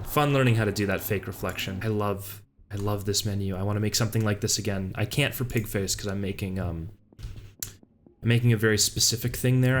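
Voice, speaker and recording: A man's voice: fairly low pitch, a little hiss or hum. A young man casually commenting on his old game projects, rambling, laughing and swearing at his own work. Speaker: indie game developer. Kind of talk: casual commentary over gameplay.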